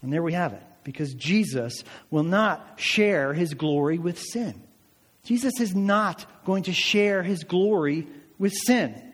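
A man with a slightly high voice preaches a sermon, retelling a story in a loose, conversational way full of rhetorical questions. His words ring out with a long reverb, as in a church sanctuary. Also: animated, unhurried, slightly rough. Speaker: pastor.

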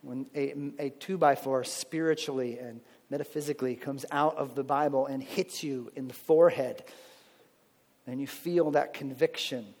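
The voice belongs to an adult pastor, a married father, speaking at normal speed in a large hall. His medium-pitched tone is steady and slightly mellow, and he preaches conversationally, regularly checking in with "right?".

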